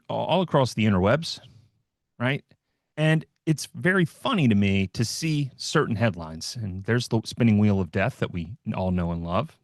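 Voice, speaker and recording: Here a man with a medium-pitched voice runs a live trading stream, tossing out casual, joking market commentary full of fillers. The recording is studio quality with no echo.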